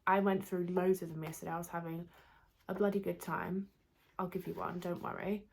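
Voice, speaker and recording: Young British woman, casual vlogger, a bit hoarse, low-ish voice, self-deprecating chatter. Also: little pitch movement, brisk. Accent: British English. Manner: chatty, rambling, self-deprecating, light laughter. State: slightly losing her voice. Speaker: YouTuber. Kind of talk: casual vlog chat. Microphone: camera mic under a ring light.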